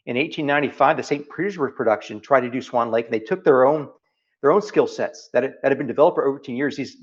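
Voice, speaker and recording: A man with a Texas accent, talking earnestly in an interview and often repeating phrases for emphasis. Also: fairly high pitch. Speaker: interview guest. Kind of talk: reflective interview conversation. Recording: slightly dull lo-fi audio.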